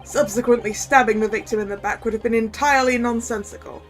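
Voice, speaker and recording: A woman's voice: on the high side, fairly even intonation, soft background music, close to an everyday voice. Woman doing a pompous old judge. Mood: solemn. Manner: formal, pompous, deliberate. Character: pompous elderly male judge, formal and measured.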